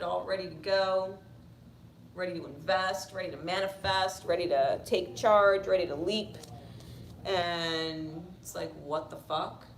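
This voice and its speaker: A woman giving a casual tarot reading, blunt and profane, swinging into animated outbursts. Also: fairly low pitch, far from the mic. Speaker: tarot reader. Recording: echoey room with noise.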